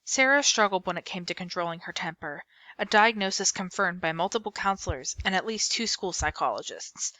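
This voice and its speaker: A woman reading a middle-grade novel aloud in an expressive storybook manner. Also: fairly low pitch, brisk, no room sound. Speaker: book reader.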